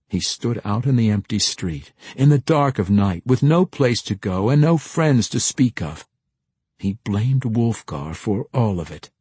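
A man narrating a fantasy novel as an audiobook, in measured storytelling, lightly voicing the characters. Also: on the low side, darkish tone, husky, no echo.

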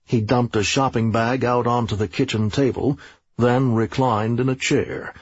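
A male audiobook narrator with a slow, husky delivery. The recording is dry and sounds slightly dull. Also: mid-range voice, steady tone, dry recording. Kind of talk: scripted narration.

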